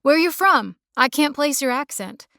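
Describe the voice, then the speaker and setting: A woman's voice: sits high, lively intonation, normal speed, vocal fry, bright, forceful tone, no echo, studio quality, voice pushed up, full character voice. A woman voicing a friendly young small-town male mechanic with a slight country drawl, easygoing and folksy.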